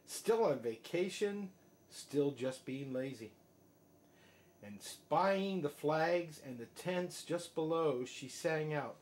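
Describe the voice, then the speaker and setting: Brief: dad at bedtime reading, slow sing-song, slightly high voice. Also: male voice, lively intonation. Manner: sing-song rhythmic reading, dropping soft at line ends. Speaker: father reading to his child. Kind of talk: reading a rhyming picture book aloud.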